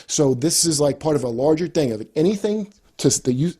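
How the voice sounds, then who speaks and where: Rambling, profane comedian, slightly high voice. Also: male voice, expressive, fairly quick, warm tone, breathy edge. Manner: rambling, profane, laughs at his own jokes. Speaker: comedian guest. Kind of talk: casual podcast chat.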